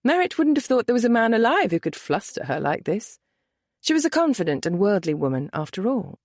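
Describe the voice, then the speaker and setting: A woman narrating a romance novel audiobook with an expressive storytelling lilt. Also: mid-range voice, a little fast, no room sound, studio quality.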